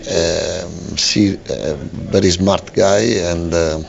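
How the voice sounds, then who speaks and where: Manager, male, very low and gravelly, halting speech with many restarts, lo-fi radio. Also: fairly even intonation. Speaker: football manager. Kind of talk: post-match radio interview. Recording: lo-fi radio broadcast.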